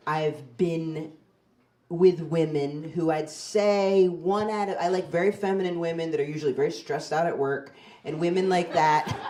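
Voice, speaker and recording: A woman in her forties performing a stand-up set on a comedy club stage into a handheld mic, with a deadpan, self-mocking delivery. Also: on the low side, a little hiss or hum. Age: 40s. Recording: live club with loud crowd laughter. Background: audience laughing.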